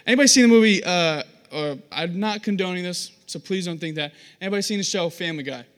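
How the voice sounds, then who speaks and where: The voice is high-pitched and quick: a young man giving a sermon, animatedly telling stories at his own expense and acting out the voices involved.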